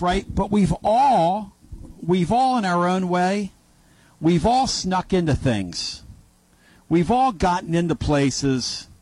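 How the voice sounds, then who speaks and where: A male sports talk radio host spins a loose, rambling story full of asides and corrections. His voice sits a bit higher than most men's, and it is recorded dry and close on a studio mic. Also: darkish tone, no echo, poor audio. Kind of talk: casual storytelling monologue.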